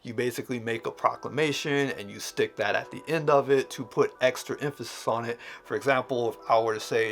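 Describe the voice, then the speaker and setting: A man's voice: medium pitch, normal speed, fairly bright tone. Guy breaking down how people talk, explainer vibe, faint music. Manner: explanatory, lecturing with spoken examples. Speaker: host explaining dialect features. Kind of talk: analytical video commentary.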